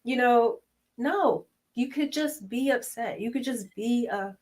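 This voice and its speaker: Woman, thirties, casual chat co-host, animated, acts out quotes. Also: on the high side, measured pace, rough recording. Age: 30s. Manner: animated, acts out quoted voices, laughs often. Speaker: podcast co-host.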